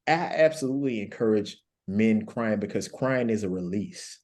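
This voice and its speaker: A man's voice: fairly low pitch, lively intonation, moderate pace, a little mellow. A man speaking as a guest life coach on a panel, telling stories earnestly and repeating key phrases for emphasis. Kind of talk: panel discussion, storytelling.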